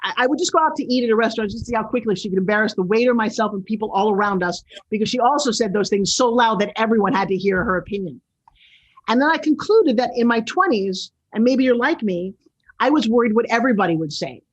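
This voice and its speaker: A woman in her sixties with a New York accent hosts a talk show, loud and brash, and keeps up a lively, animated monologue. Her voice sits fairly high. The recording sounds a little dull and muffled. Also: quick pace, slightly rough. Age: 60s. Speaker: show host.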